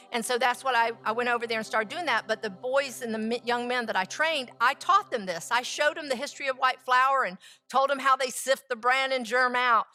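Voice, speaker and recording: A woman, a food scientist and baker, telling a lively story and acting out the voices of the people in it. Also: fairly high pitch. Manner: lively, acts out quoted dialogue. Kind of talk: storytelling talk.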